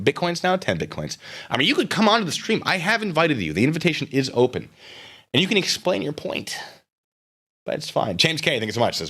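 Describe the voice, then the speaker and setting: A man's voice: mid-range voice, sing-song, fairly quick, a bit bright. A man hosting a live stream, commenting casually and sarcastically while reading chat messages aloud.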